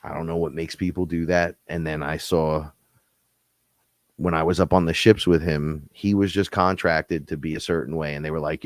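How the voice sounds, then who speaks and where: A man hosting a casual spiritual talk show, telling stories in a rambling, profane, animated way. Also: very deep voice, normal speed, no echo. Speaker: host.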